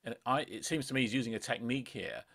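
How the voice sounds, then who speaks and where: A man co-hosting a casual talk on a Bible passage, reflective and often filling pauses with "um" and "yeah". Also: mid-range voice, gravelly, a bit bright. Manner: reflective, with fillers and agreeing interjections. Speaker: podcast co-host.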